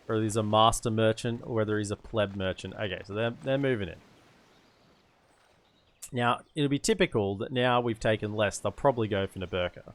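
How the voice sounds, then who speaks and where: Game music plays while this gaming streamer, whose voice is fairly low, comments fairly quickly on his strategy game. His talk is rambling and self-amused, like he's reasoning out loud.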